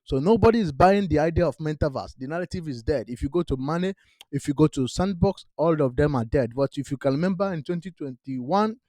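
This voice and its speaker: A man's voice: on the high side, expressive, fairly quick, warm tone, no room sound. Emphatic man pushing crypto strategy. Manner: emphatic, repeats "all right?", non-native grammar. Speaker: crypto channel host. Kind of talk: direct-to-camera investment talk.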